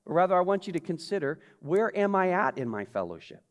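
A man's voice: high-pitched, big pitch swings, fairly quick, in a large hall. A male pastor preaching a conversational sermon, often putting questions to the congregation.

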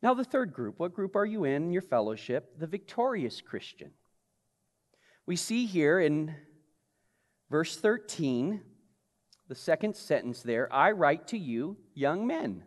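A man with a high, light voice delivers an impassioned sermon. He sometimes sinks into a hushed, intense register. His words ring out with the long reverb of a large hall. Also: very animated, unhurried, long pauses. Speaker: preacher.

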